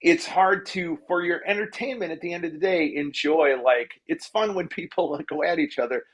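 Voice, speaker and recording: A man's voice: a little high, moderate pace. A man who writes television comedy, chatting casually in a podcast interview, often laughing at himself and restarting his sentences.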